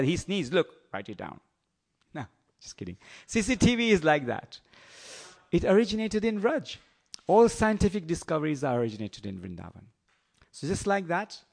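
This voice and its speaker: Animated male preacher telling a story. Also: a little high. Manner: animated, teasing, asks the audience questions. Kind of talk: storytelling sermon.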